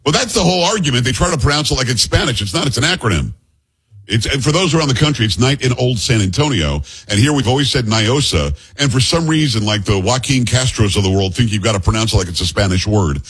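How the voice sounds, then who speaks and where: A man hosting a talk radio show, bantering and telling stories in an animated, joking way. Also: mid-range voice, slightly rough. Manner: animated, joking, quick-fire storytelling.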